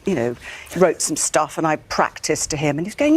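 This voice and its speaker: A woman's voice: low voice, big pitch swings, quick pace, husky. An older Scottish woman, a former newsreader, chatting on a studio sofa with self-deprecating stories. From Scotland. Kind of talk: casual studio chat.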